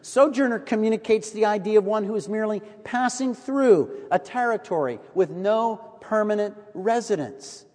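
A middle-aged American preacher delivers his sermon as a lively storyteller, now and then sinking to a near-hush to drive a point home. His voice sits high for a man, and it rings out with the long reverb of a big hall. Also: moderate pace, hardly any pauses. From United States. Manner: storytelling, animated, drops to a hush for emphasis.

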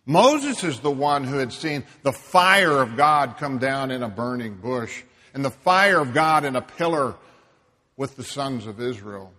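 A man preaching a sermon, emphatic, dropping to a hush and rising loud for stress. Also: mid-range voice, animated, in a large hall. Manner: slow, emphatic, swings between hushed and loud.

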